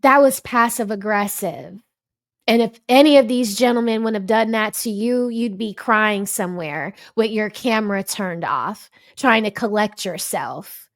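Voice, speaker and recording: A woman's voice: medium pitch, moderate pace. A woman giving an exasperated, emphatic commentary, lecturing as she reacts to a panel clip. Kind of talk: ranting commentary.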